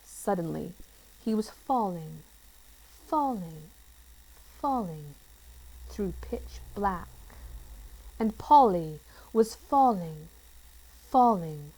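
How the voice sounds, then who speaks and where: A woman reading a children's chapter book aloud in an expressive, playful storytelling manner. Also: fairly low pitch, poor audio.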